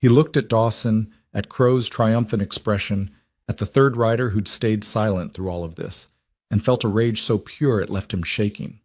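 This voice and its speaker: A man narrating a dramatic western romance story in a measured voice. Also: fairly low pitch, a little mellow, no room sound, studio quality. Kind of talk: scripted audiobook narration.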